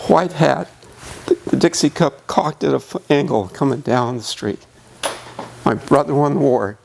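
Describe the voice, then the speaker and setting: An older man, a museum docent, telling a childhood memory in a halting, emotional way. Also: mid-range voice, gravelly, darkish tone, a little hiss or hum. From United States. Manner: reminiscing, emotional, halting with restarts. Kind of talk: panel storytelling. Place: museum meeting room.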